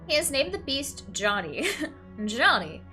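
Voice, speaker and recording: A young woman streaming a game reads its text aloud in a high, sharp voice. Her reactions swing from flat and matter-of-fact to teary, with a lot of "like" and "literally" in her talk. Soft music plays quietly under her. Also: slow pace. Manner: uses "like" and "literally" often. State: tearful at times. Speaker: let's play streamer.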